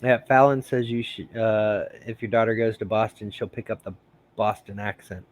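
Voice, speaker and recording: Man, low voice, casual host chat, rambling, laughs a lot. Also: steady tone, moderate pace. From United States. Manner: rambling, laughs often, many fillers. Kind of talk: casual live-stream chat.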